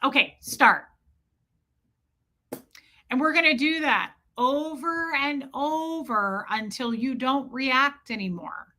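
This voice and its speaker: A woman's voice: sits high, slow pace, hardly any pauses, bright, forceful tone. A middle-aged woman hosting a livestream, talking bluntly and defiantly, with frequent swearing. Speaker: livestream host. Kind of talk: casual livestream talk.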